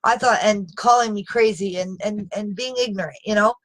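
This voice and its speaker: A woman's voice: medium pitch, brisk, low-quality recording. Frustrated woman pleading on a live video. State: upset and exasperated. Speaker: live streamer. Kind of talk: unscripted live video talk.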